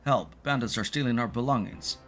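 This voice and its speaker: A man's voice: medium pitch, a little fast, fairly bright tone, faint music behind, pitched above the performer's own voice, natural voice. A man reading out the lines of a worried farmer in an urgent way. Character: worried male farmer, begging for help.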